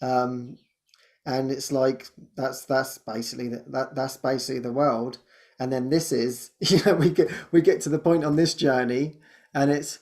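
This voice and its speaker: A man's voice: mid-range voice, steady tone, darkish tone. Male podcast host, casual spiritual chat, stumbles and repeats words, frequent laughs. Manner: halting, repeats words and restarts often; laughs often while talking.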